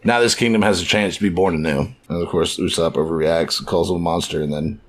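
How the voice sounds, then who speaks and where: Low-voiced man swearing in casual chat. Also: fairly even intonation, fast. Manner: swears freely, acts out characters in quotes. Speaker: podcast co-host.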